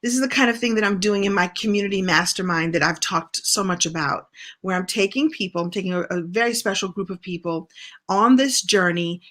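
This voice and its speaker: A middle-aged woman coach telling a personal story in an animated, heartfelt way as a motivational talk. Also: medium pitch, brisk. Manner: animated, heartfelt, with self-corrections. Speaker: coach and speaker.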